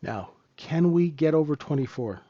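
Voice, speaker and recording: A man's voice: a little high, animated, normal speed, dark tone, highs cut off. A man running a live trading room, explaining charts in a casual teaching manner and answering viewers' questions as he goes. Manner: conversational, answers viewers' questions, rhetorical "right?". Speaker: trading instructor.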